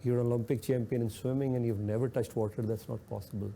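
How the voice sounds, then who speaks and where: A man's voice: medium pitch, fairly even intonation, quick pace, gravelly, dark tone, a little hiss or hum. A man hosting a radio talk show, speaking earnestly and repeating points for emphasis. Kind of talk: reflective talk radio discussion.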